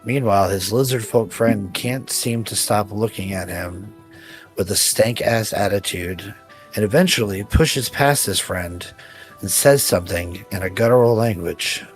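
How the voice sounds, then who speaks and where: A man's voice: fairly low pitch, measured pace, soft background music. A man narrating a tabletop game as game master, telling the scene with vivid description. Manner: descriptive storytelling, laughs between scenes.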